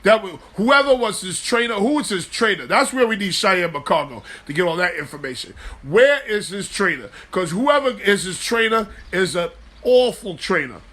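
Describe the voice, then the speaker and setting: Guy hosting a live sports show, high bright voice, loose and jokey. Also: moderate pace, hardly any pauses. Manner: animated, loose and joking, swears freely. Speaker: host.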